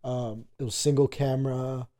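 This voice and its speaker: A man's voice: mid-range voice, level tone, moderate pace, mellow. A young man co-hosting a casual chat, joking and swearing freely in slangy banter. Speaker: podcast co-host.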